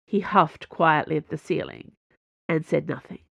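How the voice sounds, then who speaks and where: Low gravelly woman narrating an audiobook. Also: moderate pace, no room sound. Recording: dull lo-fi dry recording.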